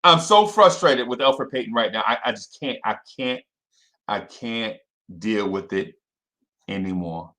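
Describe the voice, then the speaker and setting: A young man hosting a casual fan livestream, repeating himself and shouting out viewers by name. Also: mid-range voice, animated, measured pace.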